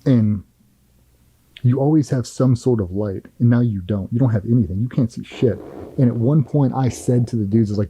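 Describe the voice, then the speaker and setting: A man's voice: mid-range voice, moderate pace, dark tone, breathy edge, rough recording. A middle-aged man, a former Navy SEAL, telling a firsthand war story in an interview in a blunt, profane, vivid way.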